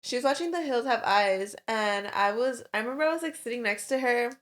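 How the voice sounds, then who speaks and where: A woman's voice: on the high side, animated, a little fast, a bit bright. A woman co-hosting a podcast, telling a long story in casual chat with lots of fillers and swearing. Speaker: podcast co-host.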